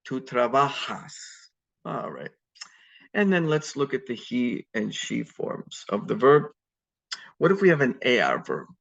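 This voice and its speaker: A man's voice: medium pitch, gravelly, a bit bright. A man teaching a Spanish class over a video call, explaining step by step with frequent ums. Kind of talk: online class lecture. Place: home at computer on video call. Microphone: video call mic. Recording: dull lo-fi video call audio.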